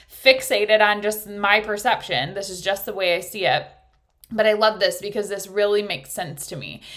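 A woman's voice: a little high, fairly bright tone. A woman in her thirties with children, hosting a casual spiritual talk in a candid, earnest way and swearing now and then. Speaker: podcast host.

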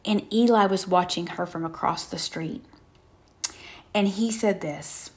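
A woman preaching a conversational sermon in an earnest tone, often turning to her listeners with a quick "right?". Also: fairly low pitch.

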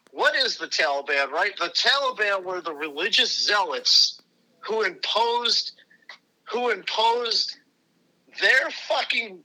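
A middle-aged man from the United States rants with fury, swearing constantly and pressing for agreement. His voice is very bright and tense, sitting fairly high. He talks as a podcast guest. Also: low-quality recording. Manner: furious, heavy swearing, repeated "right?". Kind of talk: profane angry rant.

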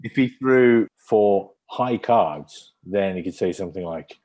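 A man co-hosting a comedy podcast, teasing and dry in a slow, deliberate manner. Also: sits low, a little mellow. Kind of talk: comedic casual chat.

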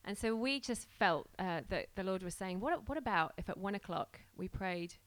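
A woman's voice: medium pitch, lively intonation, normal speed, no room sound. Chatty woman telling a story, dry sound. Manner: chatty, laughing, acts out quoted voices. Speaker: church planter sharing a story. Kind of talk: casual storytelling testimony.

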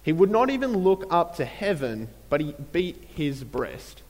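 A man preaching a sermon in a relaxed, conversational way, with many fillers and repeated phrases. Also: a little high, measured pace, big-room sound, rough recording. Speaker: pastor.

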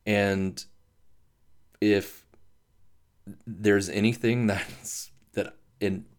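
A man hosting a podcast, talking through grief in a halting, emotional monologue, swearing and restarting often. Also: fairly low pitch, steady tone. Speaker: podcast host. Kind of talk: personal reflective monologue.

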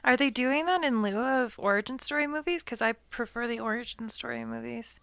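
A woman co-hosting a podcast, chatting casually and often dropping her voice very soft. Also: on the high side, fairly quick, gravelly, clean tone, no echo. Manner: drops into a soft near-whisper. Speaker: podcast co-host. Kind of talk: casual chat.

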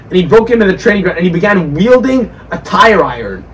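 A man's voice: high-pitched, big pitch swings, a little fast, fairly bright tone. Rambling, profane drunk man hosting a podcast. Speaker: podcast host. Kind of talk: casual chat. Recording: distant mic with faint background noise.

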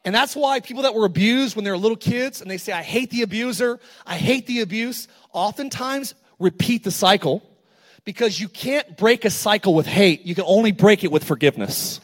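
A middle-aged male pastor preaching a sermon, telling stories with energy and building to loud, emphatic calls to the congregation. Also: high voice, a little fast.

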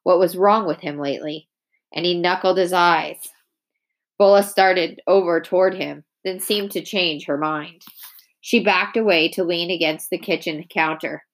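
Calm woman reading a novel aloud. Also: fairly low pitch, measured pace. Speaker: audiobook reader.

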